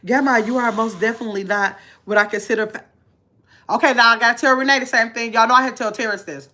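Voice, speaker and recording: A woman's voice: on the high side, steady tone, fast, pushed and bright. A woman vlogging live to her chat in casual talk, blunt and emphatic, repeating her points.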